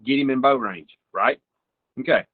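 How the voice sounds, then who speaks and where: A young man from Georgia, a podcast guest giving hunting advice through lively stories and imitating deer sounds and calls. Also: mid-range voice, normal speed, breathy edge, phone-quality sound.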